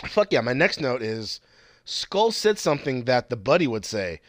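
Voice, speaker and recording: A young man in casual chat, going through his notes on a TV episode, swearing freely and mimicking the characters in sudden high yelps. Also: sing-song, normal speed, dry recording, clean studio sound. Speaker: co-host reviewing a TV episode.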